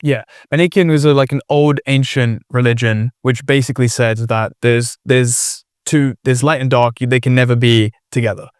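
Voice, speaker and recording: A man hosting a podcast in a casual conversation, talking hesitantly with many fillers and pauses to search for words. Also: mid-range voice, steady tone, clear, resonant tone, no room sound, clean studio sound. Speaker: podcast host.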